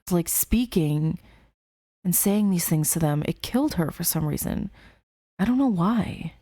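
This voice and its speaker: A young gaming channel host with a fairly low, warm, unhurried voice and lively intonation chats emotionally about the story while playing, rambling with many fillers and sighs. The studio-quality recording has no room sound.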